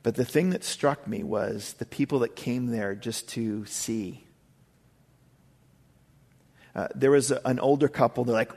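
A man's voice: mid-range voice, normal speed, vocal fry, few pauses, a little mellow, slightly rough. A male pastor giving a conversational sermon, emphatic with frequent asides to the congregation.

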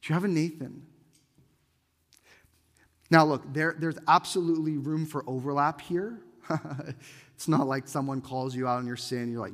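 Guy preaching a sermon, earnest and pleading, kinda high voice, long echo off the church hall. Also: moderate pace, long pauses. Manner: earnest, pleading, reads scripture aloud with emphasis. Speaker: pastor. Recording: reverberant hall.

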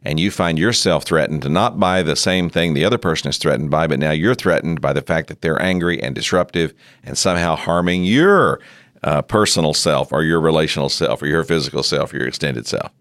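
A middle-aged man giving a measured teaching talk on pastoral care, sometimes acting out sample dialogue. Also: extremely low pitch, fairly bright tone, no room sound, clean studio sound. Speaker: seminary leader teaching on ministry.

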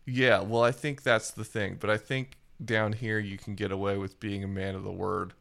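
Man, low-pitched, gravelly fry, wry, riffing, casual podcast co-host. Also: level tone, normal speed, a bit bright. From US South, Baltimore area. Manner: wry, riffing, offers playful ideas. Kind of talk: casual chat.

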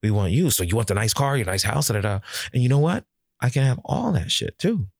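A man co-hosting a casual podcast chat, talking bluntly with swearing and loud emphatic peaks. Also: mid-range voice, very animated, fairly quick, vocal fry, dry recording, clean studio sound. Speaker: podcast co-host.

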